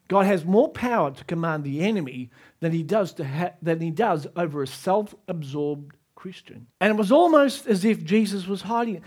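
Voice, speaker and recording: A man preaching a sermon as pastor, moving between soft, low asides and raised, emphatic climaxes.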